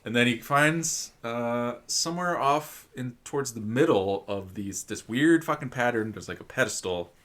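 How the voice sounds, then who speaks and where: A man's voice: mid-range voice, expressive, normal speed, hardly any pauses, fairly bright tone. A man co-hosting a podcast who retells a story in casual chat, rambling and full of fillers. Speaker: podcast co-host.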